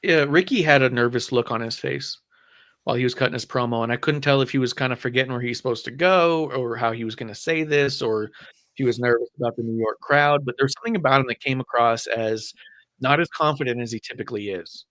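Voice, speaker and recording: A mid-pitched voice gives level, skeptical opinions in podcast banter. The sound is close and dry, with no room around it. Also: a bit bright, no echo. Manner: measured, skeptical commentary. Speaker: podcast co-host. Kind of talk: casual wrestling chat.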